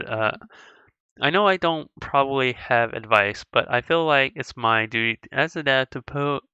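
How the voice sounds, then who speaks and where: A woman voicing a goofy, caring dad in video game dialogue read aloud, earnest and a little fumbling with gentle jokes. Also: very deep voice, clear, resonant tone, no room sound, dull audio, heavily acted.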